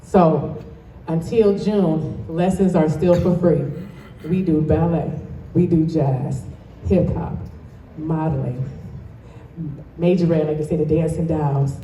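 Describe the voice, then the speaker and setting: Speaking slowly with frequent pauses, this woman from Toledo, Ohio, has a deep, mellow voice and a steady tone. She's a dance studio owner appearing as a guest speaker, delivering a passionate, emphatic motivational speech straight to a live crowd in an echoey indoor event hall. The mic is distant and picks up a little hiss or hum.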